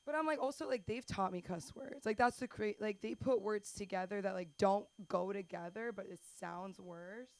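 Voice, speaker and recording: A woman's voice: medium pitch, normal speed, hardly any pauses. A woman doing stand-up at an open mic, chatty and rambling, poking fun at herself as she hosts. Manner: chatty, rambling, self-deprecating. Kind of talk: stand-up comedy. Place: small comedy club stage.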